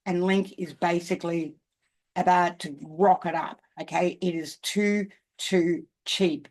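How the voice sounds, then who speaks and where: An older woman with an Australian accent, talking casually to camera about markets, emphatic and often checking in with "okay?". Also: on the low side. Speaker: crypto commentator.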